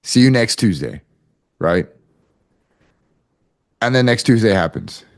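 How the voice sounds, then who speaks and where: A man's voice: lowish voice, expressive, takes it slowly. A man coaching a group of husbands in a blunt, profane way, acting out bits of dialogue. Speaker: marriage coach. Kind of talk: coaching talk to a group of men.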